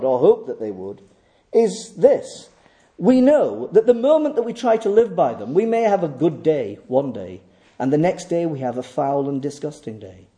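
A man's voice: sits high, mellow. A man preaching a morning sermon at a church service, emphatic, repeating key phrases and asking rhetorical questions.

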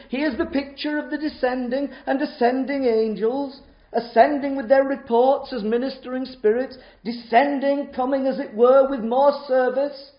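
A man with a high voice preaches a sermon in a roomy church, the sound a little dull. He presses his points with rhetorical questions and rises and drops sharply in loudness. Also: steady tone, normal speed. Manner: emphatic, rhetorical questions, wide swings in loudness.

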